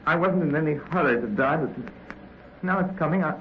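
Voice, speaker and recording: A man's voice: on the high side, fast talker, a little hiss or hum, natural voice. A man playing a dramatic young poet. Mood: wistful. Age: young adult. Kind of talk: 1930s radio drama acting. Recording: muffled, echoey 1930s radio broadcast.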